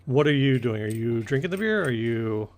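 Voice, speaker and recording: A man's voice: mid-range voice, animated, moderate pace. Rambling male game master. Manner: rambling, corrects himself often. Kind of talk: narrating a tabletop game.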